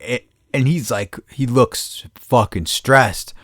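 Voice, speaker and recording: A man's voice: medium pitch, slow pace, a bit bright, dry recording, studio quality. A middle-aged man hosting a podcast, telling a story casually and profanely and laughing often. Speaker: podcast host.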